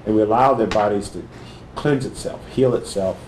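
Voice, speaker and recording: Low-voiced heart doctor, slow careful answers with lots of uhs, echoey room. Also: male voice, a little mellow, slight background noise. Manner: measured, thoughtful, with frequent pauses and fillers. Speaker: cardiologist. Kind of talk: interview answers.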